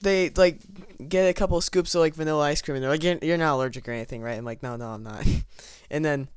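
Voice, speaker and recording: A man's voice: on the high side, fairly even intonation, brisk, smooth, dry recording, clean studio sound. A young man casually telling a rambling, self-mocking story with frequent stammers and restarts, recorded over gameplay. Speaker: vlogger telling a childhood story.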